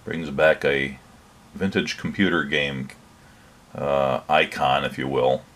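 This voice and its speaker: Speaking in a bass voice, an older host of a hobby electronics channel walks through a demo in an easygoing, straightforward way, pausing hesitantly.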